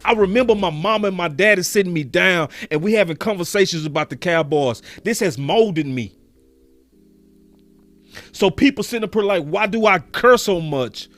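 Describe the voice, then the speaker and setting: A man's voice: high-pitched, expressive, moderate pace, a bit bright, no echo, faint music behind. A man from Dallas hosting a sports talk show, ranting passionately and cursing freely. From Dallas, Texas.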